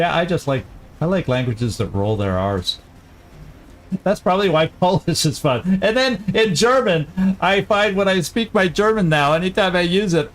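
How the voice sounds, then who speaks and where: Chatty man narrating his game. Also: a little high. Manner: chatty, thinks aloud, laughs easily. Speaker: gaming channel host. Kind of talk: let's-play commentary.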